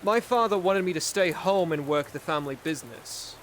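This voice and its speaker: Casting: man as earnest young sergeant, hesitant, rambling delivery, voice a touch high. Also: expressive, slight background noise, close to an everyday voice. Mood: reminiscing. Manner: halting, rambling, searches for words. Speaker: roleplay player. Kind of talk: casual voice roleplay.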